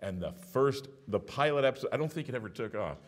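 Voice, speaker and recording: A middle-aged man preaching a sermon as pastor, telling stories with animated swings between hushed and loud delivery. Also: mid-range voice, fast talker.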